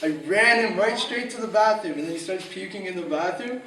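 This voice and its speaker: High-voiced young man telling a story. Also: brisk, a little hiss or hum. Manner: animated, laughs often, acts out quotes with slang. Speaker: storyteller among friends. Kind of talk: casual anecdote telling. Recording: echoey room, distant mic, crowd chatter.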